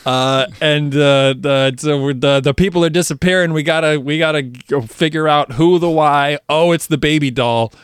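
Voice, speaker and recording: Podcast co-host, male, from New Hampshire, a little high-pitched, halting and chuckly. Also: steady tone, clear, resonant tone, dry recording, clean studio sound. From New Hampshire, USA. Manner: halting, full of fillers and chuckles. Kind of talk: casual chat.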